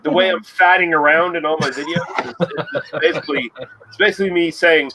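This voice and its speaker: A man's voice: fairly high pitch, brisk, over a noisy crowd. A man, co-hosting a crude casual chat and making self-mocking jokes.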